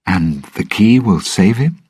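A man's voice: lowish voice, expressive, unhurried, a little mellow, breathy edge, no room sound, clean studio sound, pitched above the performer's own voice, heavily acted. A man voicing an earnest, anxious young male sailor in a storybook reading, asking questions in a raised, worried tone. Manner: asking, nervous.

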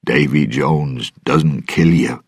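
A man voicing a fearful older male pirate in a storybook reading, speaking seriously and gravely. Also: extremely low pitch, steady tone, takes it slowly, darkish tone, no echo, studio quality, full character voice.

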